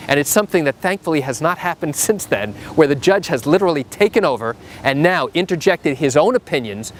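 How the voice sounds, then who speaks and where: A middle-aged man, a trial attorney, telling a story to the camera in an animated, emphatic way. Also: a little high, slight background noise. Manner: animated and emphatic, acts out the quotes.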